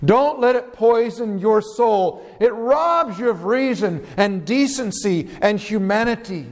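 Male pastor, high voice, emphatic verse-by-verse preaching, long hall reverb. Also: expressive, measured pace. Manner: reads scripture verses aloud and explains them, emphatic. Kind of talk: expository sermon.

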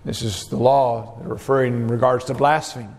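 A man's voice: medium pitch, fairly even intonation, a little fast, a little mellow, big-room sound. A male pastor preaching an expository sermon, reading scripture verses aloud and explaining them with emphasis.

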